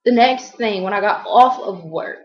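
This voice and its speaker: A woman's voice: medium pitch, normal speed, dull audio. Rambling, slangy woman vlogger. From Columbus, Ohio, US. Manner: rambling, slangy, lots of fillers. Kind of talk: casual storytelling vlog.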